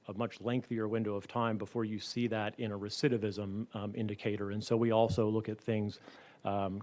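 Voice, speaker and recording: A man testifies to a legislative committee as a corrections official. His voice sits low and barely moves in pitch. He works through figures in a measured, careful way. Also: darkish tone. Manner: measured, statistical, with frequent um fillers.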